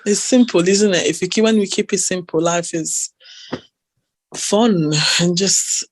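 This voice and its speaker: Slow-talking, giggly woman. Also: lowish voice, dry recording. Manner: giggly, hesitant, searching for words. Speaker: podcast co-host. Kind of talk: casual chat.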